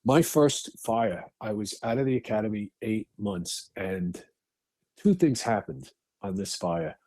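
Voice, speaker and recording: A man's voice: fairly low pitch, lively intonation, measured pace, darkish tone, no room sound. A middle-aged man, telling stories bluntly as a podcast guest, with frequent restarts and swearing. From New York. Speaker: guest, actor and firefighter. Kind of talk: casual podcast interview.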